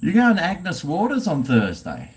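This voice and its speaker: A man's voice: a little high, huge pitch swings, normal speed. A man hosting a casual livestream chat, laid-back and swearing freely while drinking. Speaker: livestream host.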